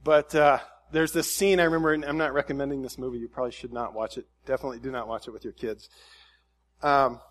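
A man preaching a conversational sermon in a relaxed, folksy way, with frequent fillers and restarts. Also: mid-range voice, fast talker. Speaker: pastor.

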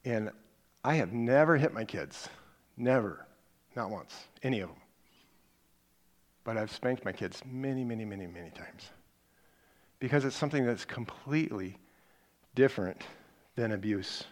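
Animated middle-aged man preaching. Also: mid-range voice, moderate pace, pauses often. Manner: conversational, animated storytelling with acted quotes. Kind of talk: sermon.

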